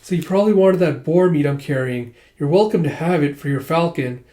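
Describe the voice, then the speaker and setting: A man's voice: fairly high pitch, a little fast, dark tone, lightly acted. A man putting on a flustered young woman. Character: young woman of a secret tribe, timid but earnest. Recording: roomy echo.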